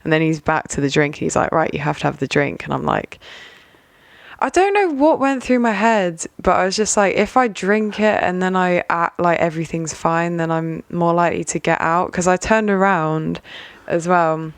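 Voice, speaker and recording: Animated young English woman guest, smooth voice, casual storytelling. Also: on the low side, normal speed, no echo. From England. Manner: animated, acts out the people in her story. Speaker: podcast guest, singer-songwriter.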